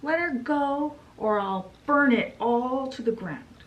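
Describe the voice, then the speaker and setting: Brief: a high, urgent young woman pleading desperately, voiced by a woman. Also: expressive, takes it slowly, low-quality recording. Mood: defiant. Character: desperate young woman, begging her mother.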